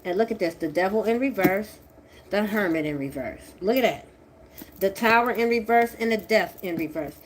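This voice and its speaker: A woman doing a tarot reading, talking in a profane, confrontational way that swings from a low mutter to shouting. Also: lively intonation, normal speed. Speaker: tarot reader. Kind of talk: angry tarot reading monologue.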